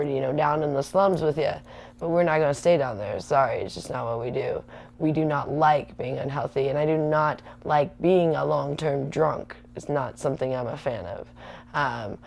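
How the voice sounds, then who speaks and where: A woman's voice: low voice, gravelly, a little mellow. A woman in her thirties hosting a livestream, rambling chattily and answering viewer comments. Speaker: livestream host. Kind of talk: casual rambling livestream chat.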